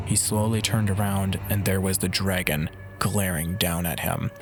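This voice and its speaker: A man narrating a fantasy audiobook in a measured, dramatic storytelling manner. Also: deep voice, little pitch movement. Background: background music.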